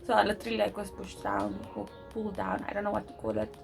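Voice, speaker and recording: A young woman telling a personal story to camera, talking loud and fast with many restarts. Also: medium pitch, sing-song, vocal fry, over music, rough recording. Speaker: vlogger.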